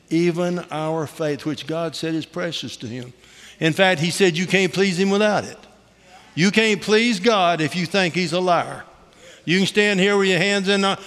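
A middle-aged man preaching a testimony sermon in a high, bright voice. He talks in a folksy, joking, colloquial way. His voice rings with the long reverb of a big hall. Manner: folksy, humorous storytelling; colloquial Southern-style grammar, "ain't".

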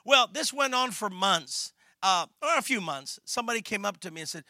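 A middle-aged pastor preaching, his voice high and very bright. He tells a story with lots of animation, acts out the conversations and swings from quiet to loud. The sound is dry and close. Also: fairly quick, hardly any pauses, dry recording. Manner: animated storytelling, acts out dialogue, laughs, gets loud and emotional. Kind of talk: sermon.

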